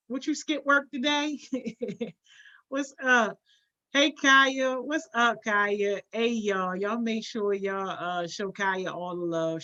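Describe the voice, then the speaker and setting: A woman's voice: mid-range voice, fairly bright tone, lo-fi sound. Upbeat slangy woman hosting a live stream. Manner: upbeat, greets viewers by name, slangy with "baby" and "yo"; encouraging, motivational. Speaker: host of a youth program livestream. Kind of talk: casual live-stream chat.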